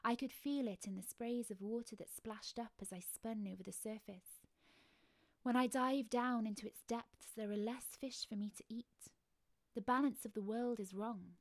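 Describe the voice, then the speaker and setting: A woman's voice: fairly high pitch, steady tone, moderate pace, dry recording, close to an everyday voice. A woman doing a grave, courteous kingfisher. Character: secretive, wise male kingfisher.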